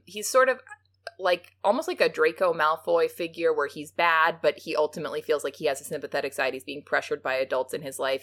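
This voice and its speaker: Woman, podcast co-host, casual chat, low pitch, vocal fry. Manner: chatty, animated, laughs often. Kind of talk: casual podcast film discussion.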